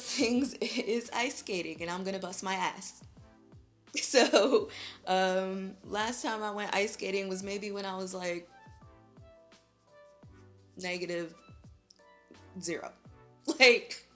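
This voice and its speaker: A young woman talks casually to camera as she does her makeup, chatty and full of slang, laughing easily. Her voice sits at an ordinary middle pitch, with faint music playing behind her. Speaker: beauty vlogger. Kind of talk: casual vlog chat while doing makeup.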